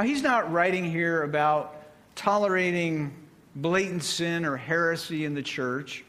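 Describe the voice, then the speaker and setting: Slow, high-voiced male preacher. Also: a bit bright. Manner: slow, deliberate delivery with measured pauses. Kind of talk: sermon.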